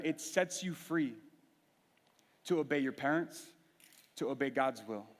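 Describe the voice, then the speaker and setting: Earnest young preacher in a reverberant hall. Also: male voice, mid-range voice, a little slow, long pauses. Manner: earnest, candid storytelling with many restarts. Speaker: youth pastor. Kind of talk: sermon.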